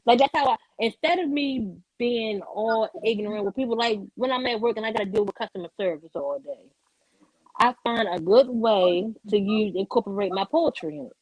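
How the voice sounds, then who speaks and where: Lady poet, kinda high voice, dry close sound, talks with rhythm and slang. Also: no echo, low-quality recording. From Baltimore. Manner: animated, rhythmic delivery with slang. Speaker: spoken word poet guest. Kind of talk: casual chat and performed spoken word poetry.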